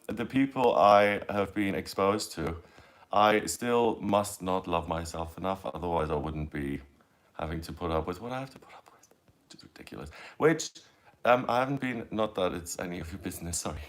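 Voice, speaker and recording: A middle-aged man with a fairly low voice talks casually on a livestream. He rambles in a confessional way, sharing personal things and laughing at himself while reading out viewer comments. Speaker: tarot reader livestreaming.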